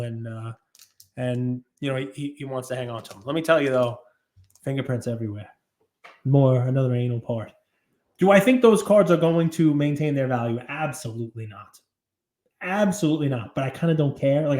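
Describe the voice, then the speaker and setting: A man hosting a casual hobby podcast, talking in an animated, ranting way and often breaking into laughter. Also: on the high side. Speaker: podcast host. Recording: roomy echo.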